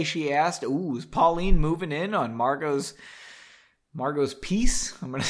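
This man's voice runs on the high side, pushed and bright, swinging widely in pitch at a measured pace. He hosts a comedy show from a basement studio, reading a melodramatic story aloud between drinks and cutting in with sarcastic, mocking asides.

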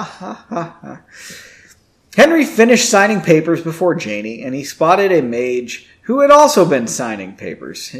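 Lively, chatty man reading a story. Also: fairly high pitch. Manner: chatty, self-mocking asides. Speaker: amateur audiobook reader. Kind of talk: casual reading aloud with asides.

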